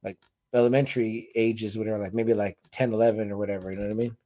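A man in casual chat recapping a TV show, animated and profane, acting out his own reactions. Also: fairly low pitch, fast talker. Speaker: podcast co-host.

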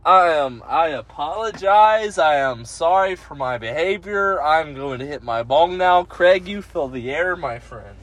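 A rowdy man hosting a podcast from a parked car, swearing and laughing often. His voice is high and swings widely, and his talk is unhurried. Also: expressive, fairly bright tone, dry recording. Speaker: podcast host. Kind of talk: casual chat.

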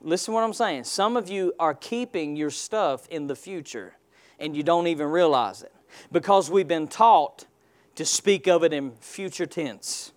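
A man's voice: fairly high pitch, expressive, normal speed. A man preaching a sermon in a church, using call-and-response and rhetorical questions. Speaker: pastor.

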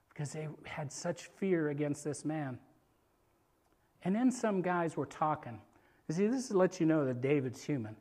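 A male preacher in a sermon, retelling a scripture story in an animated, conversational way. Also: fairly high pitch, a little slow.

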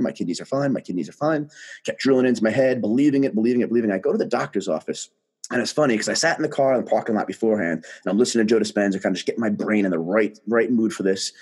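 A man, a guest telling his story in casual conversation, animated and emphatic. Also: lowish voice, slightly rough.

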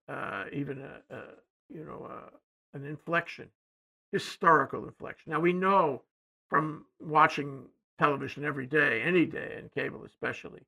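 An older man talks through a casual political discussion in a heavily gravelly, husky voice with a bright edge. He rambles and hesitates, his sentences often fading off quietly. His pitch sits a little high for a man. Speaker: co-host.

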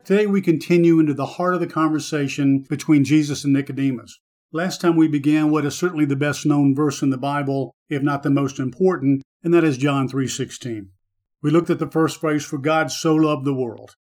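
A man hosting a short devotional Bible teaching, speaking in an earnest, measured preaching manner. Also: fairly high pitch, steady tone, darkish tone. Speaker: radio Bible teacher and host.

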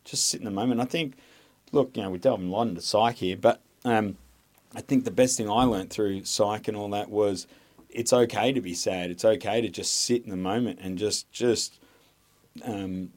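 Low-voiced Australian man, rambling and swearing. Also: moderate pace, darkish tone. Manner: rambling, frequent swearing, heavy hesitation. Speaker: army veteran guest. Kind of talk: candid podcast interview.

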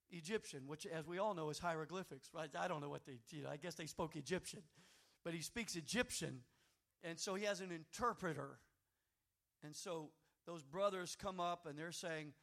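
A male pastor preaching a sermon, telling a story quietly and then rising to loud, fervent exhortation. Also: on the high side.

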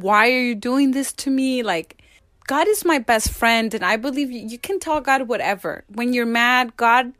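A woman's voice: a little high, a bit bright, no echo, clean studio sound. Emotional bilingual woman. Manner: emotional, switches between English and Spanish. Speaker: guest. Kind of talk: personal interview conversation.

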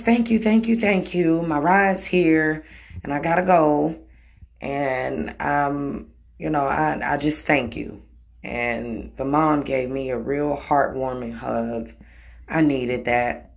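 Woman telling a storytime, slow and gravelly, swears a lot. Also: rumbling low. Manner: blunt and profane, emotional retelling. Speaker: storytelling vlogger. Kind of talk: casual storytime monologue.

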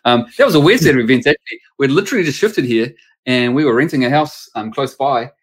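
A man's voice: medium pitch, expressive, fast, husky. A man, a pastor and sports chaplain, telling stories casually in an interview and acting out the voices of people he quotes.

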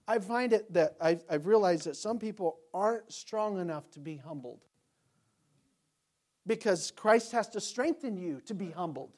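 A male pastor preaching a sermon, asking rhetorical questions, building in force and then dropping low. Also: lively intonation, normal speed, a little mellow.

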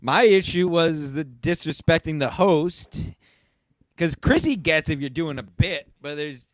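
A man from Philadelphia hosting a crude comedy podcast, loud and profane, often shouting as he rants. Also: on the high side, animated, a little slow, no echo. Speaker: podcast host.

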